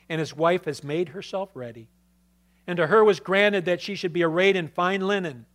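A man preaching a sermon who reads scripture aloud and asks the congregation questions, with swings between emphatic and quiet delivery. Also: high voice. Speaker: pastor.

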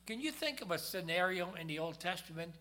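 A male preacher with a high, bright, forceful, expressive voice delivers a sermon. He swings dramatically between loud, pressing emphasis and hushed low tones, slowing down whenever he reads scripture aloud.

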